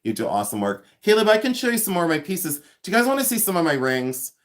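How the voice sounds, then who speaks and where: A man chatting on a casual livestream at home, with a lively voice that swings up and down as he jokes and laughs. He sits a little on the high side for a man. He has a runny nose, and he often calls out loudly from around the house. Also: fast talker. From United States. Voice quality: animated and joking, laughs often. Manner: loud, calls out from across the house. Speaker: livestream host. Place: home, moving between rooms.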